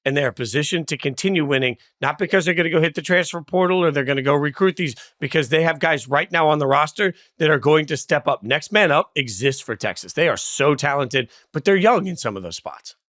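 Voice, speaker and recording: A man's voice: on the high side, lively intonation, fairly quick, few pauses, fairly bright tone, dry recording, studio quality. A man co-hosting a sports show, debating emphatically and repeating phrases as he makes his points.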